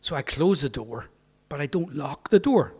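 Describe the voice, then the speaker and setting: A man's voice: a little high, animated, normal speed, a little mellow, husky. A man with a Northern Irish accent, a pastor telling a humorous story to an audience in a chatty, anecdotal way. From Northern Ireland. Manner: anecdotal, chatty, acts out quoted voices. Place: parish hall. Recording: reverberant parish hall.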